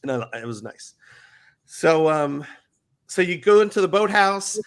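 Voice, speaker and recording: A middle-aged man, a former ride skipper, telling stories in a casual interview and acting out riders' squeals in a high voice. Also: expressive, measured pace.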